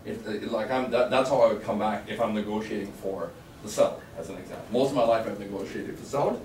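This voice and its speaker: This sales trainer has a fairly low voice and talks fast, lecturing a live class on negotiation in a training room. He's animated, telling stories and acting out phone lines, captured from a distant mic in an echoey room with faint noise.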